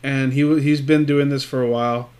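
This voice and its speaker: A man's voice: mid-range voice, brisk. A man telling crude stories in casual, profanity-laced chat with a friend. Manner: profane, animated storytelling.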